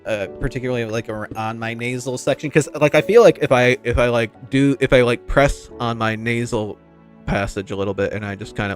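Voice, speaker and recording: A male streamer with a nasal, slightly lisping voice at an ordinary middle pitch. He rambles casually and talks straight to his chat, with soft music playing faintly underneath. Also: lively intonation, fairly quick. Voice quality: slight lisp. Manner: rambling, chatty, talks to viewers. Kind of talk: casual live-stream chat while gaming. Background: faint background music.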